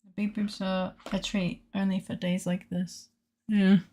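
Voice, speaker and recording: A woman's voice: medium pitch, little pitch movement, unhurried, mellow. A woman streaming a game while sick with a fever, chatting playfully with her viewers and swearing freely. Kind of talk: casual let's-play commentary.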